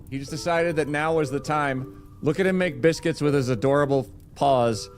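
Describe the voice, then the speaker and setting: A man's voice: on the high side, moderate pace, faint music behind. A man streaming a game live, chatting along as he plays, greeting viewers and talking to his cat. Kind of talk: live-streamed gameplay commentary.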